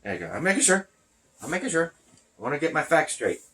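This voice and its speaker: A man's voice: a little high, big pitch swings, fast talker, pushed and bright. A man hosting a casual wrestling podcast, rambling and losing his train of thought, a little short of breath while talking through a face mask. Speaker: podcast host. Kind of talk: casual wrestling recap chat. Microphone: wearing a face mask.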